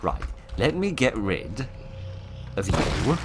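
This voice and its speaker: A man commentates his own horror game playthrough. He rambles, mocks himself and jokes drily. Clear background noise runs under his desk mic. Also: lowish voice, sing-song, a little slow. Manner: self-mocking, rambling, dry humour. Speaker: gameplay commentator. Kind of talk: let's play commentary. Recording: noisy background.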